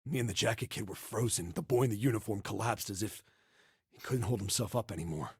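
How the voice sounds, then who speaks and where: Low-voiced man narrating a story. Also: fast, darkish tone, husky. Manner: plain narration, swearing in asides. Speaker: streamer. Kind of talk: reading a visual novel aloud.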